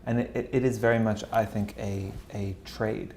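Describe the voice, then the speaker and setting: A man's voice: lowish voice, level tone, moderate pace, gravelly, darkish tone, a little hiss or hum. A man hosting a podcast, asking questions in a casual, conversational way with many restarts. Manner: conversational, lots of fillers and restarts. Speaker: podcast host. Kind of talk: casual interview chat.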